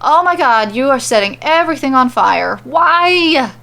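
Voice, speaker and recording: A woman voicing a panicky grown man who yells in a high-pitched, alarmed way. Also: animated, unhurried, gravelly, full character voice. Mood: panicked. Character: panicky, whiny grown man in over his head.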